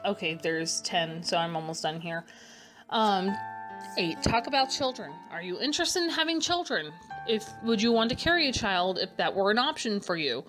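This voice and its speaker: Young woman, mid-range pitch, loose and candid, rambling through answers over clear background music. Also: animated, moderate pace. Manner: candid and rambling, with frequent fillers and self-corrections. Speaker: vlogger answering a tag. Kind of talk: casual voice-over.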